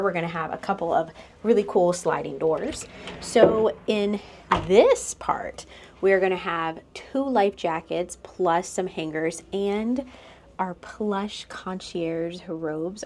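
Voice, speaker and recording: A young American woman vlogs a relaxed tour of her cruise ship cabin, pointing things out and laughing lightly. Her fairly low voice has a darkish tone, with slight background noise.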